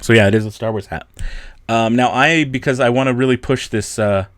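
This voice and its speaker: A man's voice: mid-range voice, a little fast, no room sound, clean studio sound. A young man hosting a casual livestream, reading and answering chat, with frequent laughs and a rambling, self-deprecating way of talking. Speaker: livestream host.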